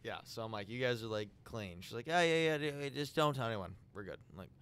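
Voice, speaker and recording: A man's voice: on the low side, fast talker, a bit bright, no echo. A young man, a podcast guest, telling a crude story in casual chat and acting out the lines of the people in it.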